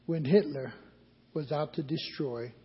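Husky, slow-preaching man in a hall. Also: fairly high pitch. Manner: call-and-response questions to the congregation. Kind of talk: sermon. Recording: dull recording with long hall reverb.

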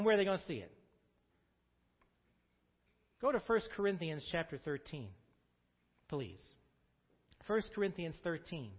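Animated pastor preaching in echoey hall. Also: male voice, high-pitched, unhurried, pauses often, husky, highs cut off. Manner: preacher's call-and-response. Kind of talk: sermon.

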